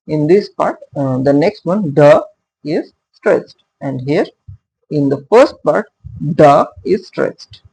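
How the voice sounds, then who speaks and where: A male literature teacher gives an unhurried, slightly high-pitched lecture on poetic meter. His voice is gravelly and a little husky. He talks haltingly, pads his sentences with fillers and "okay", and sounds out stressed and unstressed beats aloud. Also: a little mellow, rough recording. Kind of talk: explanatory lecture.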